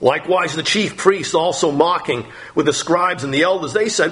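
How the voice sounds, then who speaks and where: A man with a somewhat high voice delivers a sermon, reading scripture passages aloud and then unpacking them verse by verse. He talks in an unpolished, conversational way, with frequent fillers and restarts between the readings. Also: normal speed, few pauses, fairly bright tone. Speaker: preacher.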